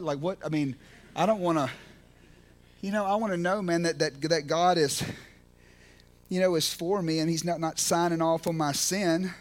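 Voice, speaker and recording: A man preaching passionately on a podcast, swinging from hushed prayer to shouted excitement, full of restarts and "man" and "you know.". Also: fairly high pitch, moderate pace, pauses often. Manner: repeats words and restarts, casual fillers like man and you know. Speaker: podcast speaker at a recovery ministry. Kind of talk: impassioned preaching.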